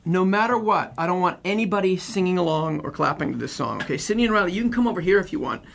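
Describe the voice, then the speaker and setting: A man's voice: sits high, lively intonation, fast, vocal fry, background noise. A man who performs music for children, chatting and joking playfully on live radio. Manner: playful, hammy, sings and shouts with kids. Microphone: studio microphone. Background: guitar playing.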